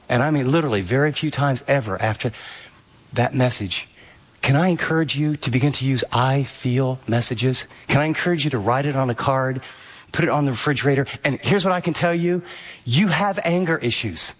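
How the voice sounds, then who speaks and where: A male pastor preaching a sermon in an animated way, building to emphatic peaks and dropping soft for quoted lines. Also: mid-range voice, moderate pace.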